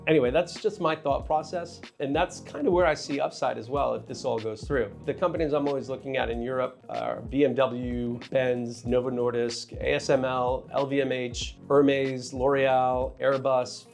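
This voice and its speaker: A man's voice: mid-range voice, gravelly. A man hosting his own finance channel, giving casual market commentary to camera with candid, joking asides to viewers. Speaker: finance video host and trader.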